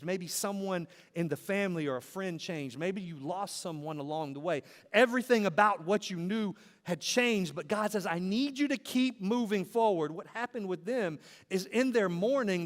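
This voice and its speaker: A man preaching a sermon as pastor, in a rhythmic style with repeated phrases that build to emphatic peaks. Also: high-pitched. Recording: long hall reverb.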